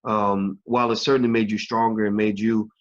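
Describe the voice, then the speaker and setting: A man hosting an online interview show, talking in a halting way with many fillers and restarts. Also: on the low side, level tone, dull audio. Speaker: host.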